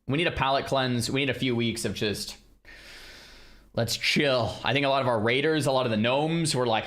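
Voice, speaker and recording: A man's voice: medium pitch, moderate pace, a bit bright. A man hosting a stream, chatting to viewers in casual reaction commentary, often repeating himself. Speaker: streamer host.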